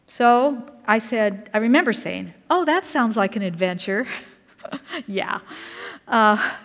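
A middle-aged woman from Utah giving a personal testimony sermon at a conference, telling her story earnestly with lively quoted asides. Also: fairly high pitch, slow. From Utah, USA. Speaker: conference speaker. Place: church conference hall. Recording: reverberant hall.

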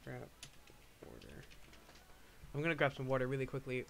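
Young guy chatting on his stream, kinda rambly, mid pitch, little bit of noise. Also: big pitch swings, moderate pace, creaky, a bit bright. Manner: rambling, chatty, with frequent restarts and laughs. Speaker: livestreamer. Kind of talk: casual livestream chat.

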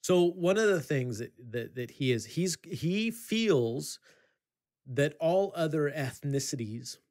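A man co-hosting a casual podcast, telling an animated story with halting restarts and laughing asides. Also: fairly high pitch. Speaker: podcast co-host.

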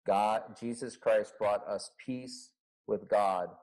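Pastor-Stimme über Videoanruf. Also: male voice, fairly low pitch, steady tone, slow pace, a little mellow, rough recording. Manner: earnest, conversational teaching with rhetorical questions. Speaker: pastor teaching a Bible study. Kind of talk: Bible study teaching. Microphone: video call. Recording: online video call recording.

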